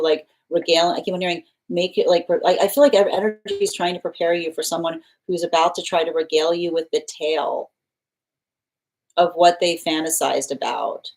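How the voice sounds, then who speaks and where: A woman giving a live tarot reading, talking in a rambling way with many restarts and repeated phrases, breaking into sudden animated bursts. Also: rough recording. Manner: bursts into laughter and animated pitch jumps. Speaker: tarot reader.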